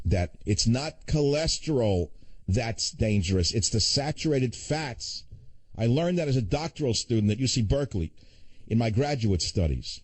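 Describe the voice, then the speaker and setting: Animated older man ranting on talk radio. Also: mid-range voice, dry recording. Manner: fast, animated ranting with sarcastic asides. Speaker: radio talk show host.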